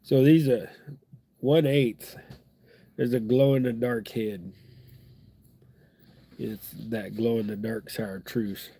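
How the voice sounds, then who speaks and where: A middle-aged man with a stuffed-up nose talks in a loose, folksy ramble as he hosts a live fly-tying session. His voice is mellow and husky, and the sound is dry and close. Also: medium pitch, fairly even intonation, takes it slowly, pauses often, no echo. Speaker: fly-tying livestream host.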